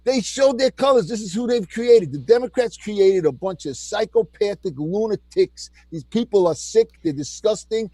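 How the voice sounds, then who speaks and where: A man co-hosting a heated political chat, talking in an animated, mocking, ranting way. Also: high voice, normal speed, hardly any pauses, no room sound. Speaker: co-host.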